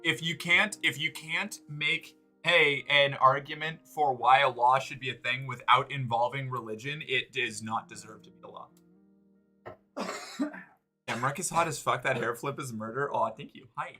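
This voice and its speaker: A man's voice: mid-range voice, moderate pace, sharp tone, faint music behind. An American man chatting casually with viewers on a livestream, rambling with lots of fillers and swearing freely. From United States.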